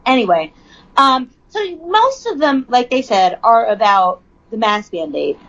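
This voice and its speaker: A woman with a fairly high, very lively voice reads out news and breaks off into frank, profane commentary. The recording sounds dull and lo-fi. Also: a little slow. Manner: chatty, profane, reads news then riffs on it.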